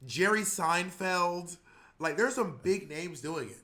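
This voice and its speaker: A man co-hosting a podcast in casual chat, animated and laughing, often acting out voices. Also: sits high, slow, a crowd in the background. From not from New York. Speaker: podcast co-host.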